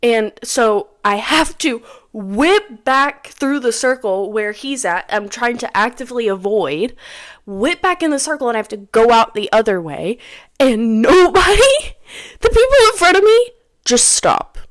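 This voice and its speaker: A podcast host in her twenties tells a story casually and dramatically in a somewhat high, slightly slow voice, recorded with clean studio quality and no room sound. She retells it with animation, suddenly whispering or crying out, repeats phrases for emphasis, and keeps saying "dude" and "girl."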